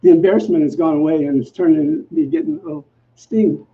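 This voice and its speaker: A male minister telling a personal story in a sermon, acting out the dialogue in a lively, self-mocking way. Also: fairly high pitch, a little fast, vocal fry. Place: church sanctuary. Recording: muffled recording with faint background noise.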